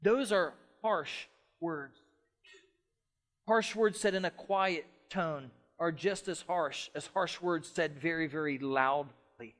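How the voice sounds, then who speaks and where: A middle-aged pastor with a voice on the high side preaches slowly. He is passionate, trading loud, emphatic sections for soft, quiet ones.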